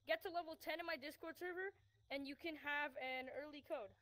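A woman's voice: high voice, brisk, a bit bright. A woman live-streaming a VR game, chatting casually and rambling with lots of fillers and restarts into a headset mic.

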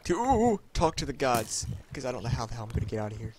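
A young man hosting a casual modded gaming session, chattering excitedly to the game's creatures and laughing at his friend. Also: medium pitch, rapid-fire. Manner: excitable, laughs a lot, chatters to game mobs. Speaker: gaming channel host. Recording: light background noise.

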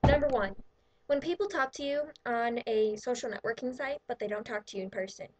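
Teenage girl, vlog rant, chatty, sarcastic, slightly high voice. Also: a little fast, low-quality recording. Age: teens. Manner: chatty, sarcastic, acts out quotes. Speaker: vlogger. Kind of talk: casual ranting vlog.

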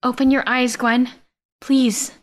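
A woman's voice: little pitch movement, takes it slowly. A woman doing anxious, pleading young woman. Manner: high, eager and pleading. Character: anxious, caring young woman tending a friend.

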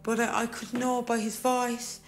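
A middle-aged Irish woman, a bereaved mother, recounting events at home in a soft, halting way with many restarts. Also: on the high side, flat delivery, faint music behind. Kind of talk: emotional personal account. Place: family home indoors.

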